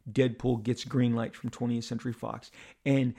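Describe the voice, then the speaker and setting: A middle-aged man with a gravelly, creaky edge to his voice tells a personal story as a podcast host. He speaks at an ordinary pitch for a man, animated and halting, often repeating words as he goes.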